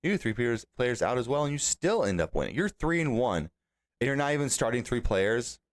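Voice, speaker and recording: A young adult man hosting a podcast alone, recapping fantasy football results in an animated, exasperated way. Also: mid-range voice, fairly quick. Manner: animated, exasperated scolding of team managers. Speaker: podcast host.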